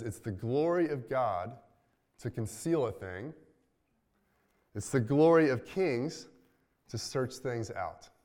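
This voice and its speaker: Man, pastor, sermon, conversational, mid-pitched voice, quiet line endings. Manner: conversational, many restarts, dips quiet at line ends.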